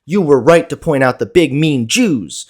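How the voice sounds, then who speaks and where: A man's voice: a little high, lively intonation, moderate pace. A man putting on a cooing, mocking consoler. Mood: mock soothing. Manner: syrupy, sarcastic, cooing.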